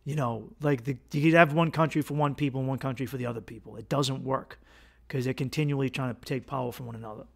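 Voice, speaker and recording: A man hosting a podcast, telling a rambling, profane comedic monologue and acting out characters in louder, higher bursts. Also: fairly even intonation, quick pace, vocal fry. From United States. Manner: profane, rambling, acts out gang voices in a louder higher pitch. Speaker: podcast host.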